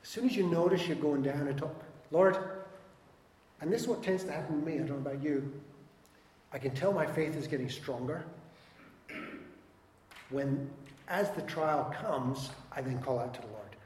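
Animated preaching man in an echoey hall. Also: on the high side, moderate pace, pauses often, a little hiss or hum. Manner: animated, acts out quoted voices, swings loud and soft. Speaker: pastor. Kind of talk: sermon.

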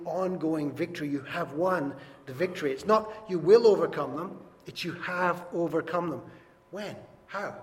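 A man preaching a sermon in a church hall, earnest and emphatic, rising loud and dropping soft. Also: fairly high pitch. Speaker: pastor. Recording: long reverb, faint background noise.

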